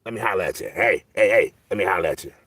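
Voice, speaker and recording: A man from Milwaukee runs his stream and spins casual stories from his life. He talks in a loose, animated, profane way. His voice sits very low and sounds dry and close to the mic. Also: racing, breathy edge, no room sound. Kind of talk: casual storytelling monologue.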